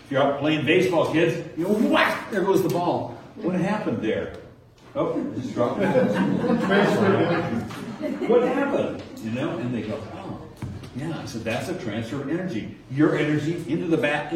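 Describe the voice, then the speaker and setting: A man's voice: on the high side, lively intonation, brisk, far from the mic, slight background noise. Chatty man teaching from across an echoey room. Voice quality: chatty, acts out kids' answers with rising tones. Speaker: nature center docent training teachers. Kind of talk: informal talk to a small group. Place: indoor room with a nature diorama.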